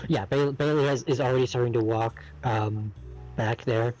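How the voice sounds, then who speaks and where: A man at mid pitch talks casually as a player in a tabletop game. He hesitates a lot and fills in with "like." Faint music plays behind him. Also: fairly even intonation, normal speed, a little mellow, low-quality recording. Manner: casual, hesitant, lots of likes.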